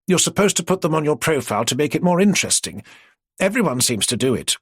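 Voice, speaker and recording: A man voicing a sensible middle-aged woman who talks in a brisk, matter-of-fact way. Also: fairly high pitch, very animated, slightly rough, dry recording, clean studio sound, pitched above the performer's own voice. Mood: prim.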